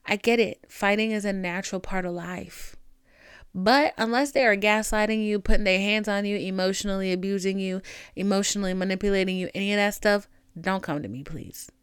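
A woman's voice: mid-range voice, fairly quick, smooth, dry recording, studio quality. A young woman with a Southern country accent hosting a podcast, talking straight to the listener in a sassy, emphatic way. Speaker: podcast host. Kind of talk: casual advice monologue.

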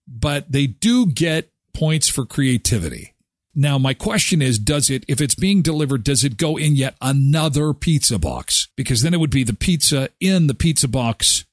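Husky, animated man hosting live. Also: mid-range voice, dry recording, studio quality. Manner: animated, exclaiming and joking. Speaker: host of live daily show. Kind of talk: casual live-stream chat.

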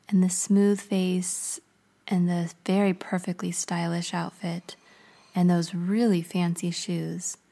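A woman hosting a podcast, narrating a guided story in a soft, often half-whispered way. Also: lowish voice. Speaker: podcast host.

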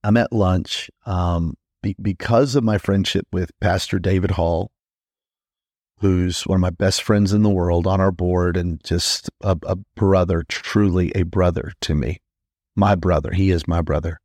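A man's voice: low-pitched, fairly even intonation, a little mellow, dry recording, clean studio sound. A man, a pastor hosting a podcast, teaching in a conversational way, repeating phrases for emphasis and restarting his sentences often. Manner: frequent quick restarts and stammers.

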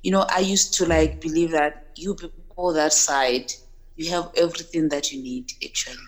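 Low-voiced woman guest from Africa. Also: fairly even intonation, moderate pace. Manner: earnest, repeats words as she searches for them. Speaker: podcast guest. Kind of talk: casual interview chat.

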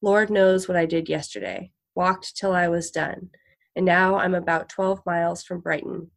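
A woman voicing a weary male tramp, a gentleman come down, speaking grimly and bitterly. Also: fairly low pitch, normal speed, creaky. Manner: grim, muttering to himself.

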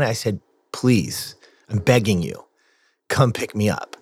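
A man's voice: lowish voice, unhurried, long pauses, slightly rough, dry recording. Earnest man telling a story. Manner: earnest, animated storyteller with frequent restarts. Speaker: podcast guest. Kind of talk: casual storytelling interview.

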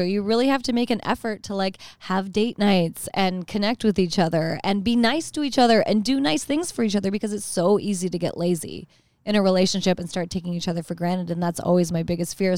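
A woman's voice: mid-range voice, darkish tone, no echo. A woman guest on a casual podcast, telling long rambling stories full of "like.". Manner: rambling storyteller, heavy use of "like". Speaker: guest comedian.

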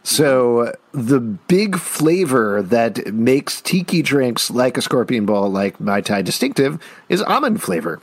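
Male podcast co-host, casual and jokey, animated pitch, dry close mic. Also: slow pace, hardly any pauses, breathy edge, no room sound. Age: adult with children. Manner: animated, joking, reads listener questions. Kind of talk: casual chat.

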